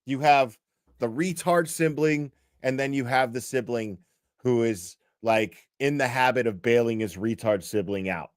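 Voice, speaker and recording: A man's voice: mid-range voice, a little slow, clean tone, no room sound. Brief: male stream commentator, crude, blunt, swears a lot, dry close sound. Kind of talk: profane casual commentary over video clips.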